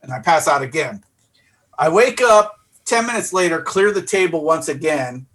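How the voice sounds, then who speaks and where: A middle-aged man with a fairly high voice tells a rowdy story on a podcast. He talks in a loose, profane way and acts out his own lines with lively quotes. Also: normal speed. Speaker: podcast co-host. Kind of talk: casual storytelling.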